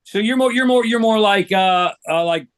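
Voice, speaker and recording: A man's voice: high-pitched, normal speed, clear, resonant tone. A middle-aged man hosting a podcast, joking around playfully and asking loose, casual questions. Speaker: podcast host.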